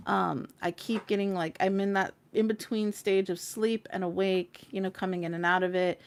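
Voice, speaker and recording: Woman stream host, casual storyteller, mid-pitched voice, loose and talkative with plenty of "like" and "you know". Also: normal speed, hardly any pauses. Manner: chatty and animated, heavy with fillers and casual swearing. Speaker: tarot reader and stream host.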